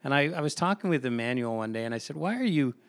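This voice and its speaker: Racing along in a clear, resonant, mid-range voice with a slightly bright edge, a pastor talks on a casual podcast. He recounts a story from work, restarting often and repeating words.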